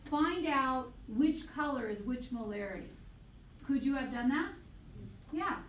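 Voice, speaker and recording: A woman biology teacher lecturing a class, quizzing students with quick questions, recorded on a tablet mic across the classroom. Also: high-pitched. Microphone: tablet mic from across the room. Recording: echoey classroom, distant mic, faint noise.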